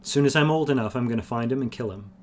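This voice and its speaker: A man reading aloud and voicing an earnest young man raised on a farm, talking in a flat, matter-of-fact way, a little higher than his own voice. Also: quick pace, a little hiss or hum, natural voice.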